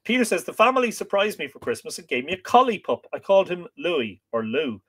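Man, live stream host, reads a book aloud, animated rise and fall, chatty asides to viewers. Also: high-pitched, fast, breathy edge. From Ireland. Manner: reads old text, breaks off to greet viewers and joke.

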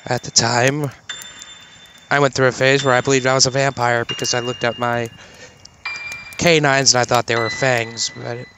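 A man's voice: medium pitch, flat delivery, moderate pace, long pauses, background noise. Swearing young man telling a story. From Kansas, United States. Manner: swears often, laughs while telling, quotes others in his own voice. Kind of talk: casual spoken campfire story.

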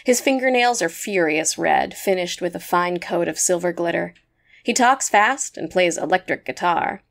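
A woman's voice: on the low side, expressive, moderate pace, vocal fry. Woman reading a story aloud. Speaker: narrator. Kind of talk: scripted story narration.

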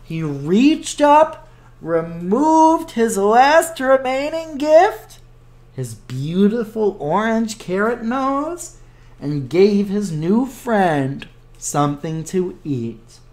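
A man hosts a children's story time and reads a picture book aloud with gentle expression. He moves through the story slowly and patiently, letting each line land. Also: high-pitched, big pitch swings.

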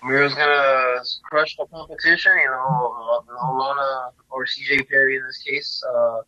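A man's voice: mid-range voice, little pitch movement, unhurried, pushed and bright, no echo. Rambling man on a dry, dull line. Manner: rambling, restarts a lot. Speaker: podcast co-host. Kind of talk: casual podcast chat.

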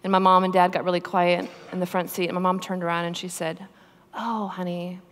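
A Catholic religious sister giving a personal testimony talk to a live conference audience, speaking in an earnest, conversational way that grows emphatic on heartfelt points. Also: female voice, fairly low pitch, completely flat delivery, quick pace, clean tone. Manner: earnest, conversational storytelling with frequent "right?" and "you know". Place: large conference hall. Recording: echoey hall sound.

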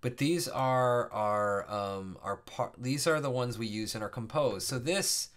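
A man's voice: mid-range voice, unhurried, fairly bright tone. A man teaching a casual coding screencast, thinking aloud with many fillers and self-corrections. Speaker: programming instructor.

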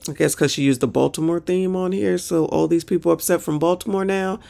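A woman's voice: lowish voice, steady tone, brisk, creaky, mellow. A woman hosting a reaction show, ranting in a sassy, exasperated way with mild profanity. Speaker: reaction channel host. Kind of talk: reaction commentary.

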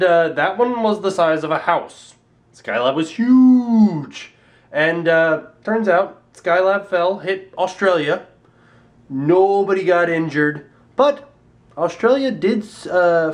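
Male vlogger with a high voice, playful, jokey, explains science with self-mocking asides. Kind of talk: casual comic explainer vlog.

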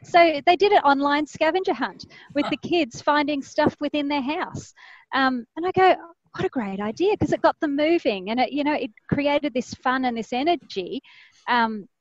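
A woman's voice: high voice, moderate pace, dry recording, highs cut off. Chatty Australian woman on a video call. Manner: chatty, enthusiastic, many fillers. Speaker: panelist. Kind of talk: casual video-call panel chat.

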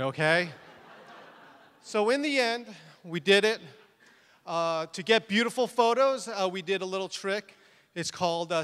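High bright guy doing a comic talk onstage, big echoey hall, acts stuff out. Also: clear, resonant tone. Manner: animated, acts out scenes, laughs at himself. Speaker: speaker at a photography conference. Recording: reverberant conference hall.

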